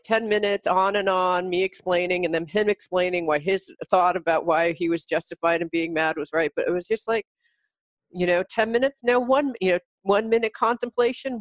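A woman guest on a podcast, telling a personal story in an animated way and laughing often. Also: medium pitch, no room sound. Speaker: radio host and podcast guest. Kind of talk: conversational storytelling.

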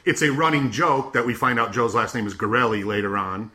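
A man hosting a podcast, chatting casually and retelling scenes with animated laughter. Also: mid-range voice, brisk. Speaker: podcast host. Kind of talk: casual chat.

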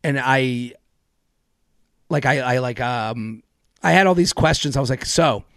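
A man in his thirties hosting a podcast, telling stories in a rambling, animated way with many restarts. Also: mid-range voice, unhurried, no room sound, clean studio sound. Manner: rambling, animated storyteller with frequent laughs and restarts. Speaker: podcast host. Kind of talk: casual podcast chat and storytelling.

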